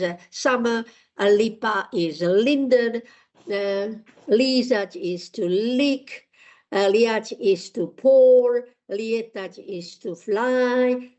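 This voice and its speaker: A woman teaching a language lesson, explaining patiently with many pauses and fillers. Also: mid-range voice, a little mellow. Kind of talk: online language lesson with repeat-after-me drills.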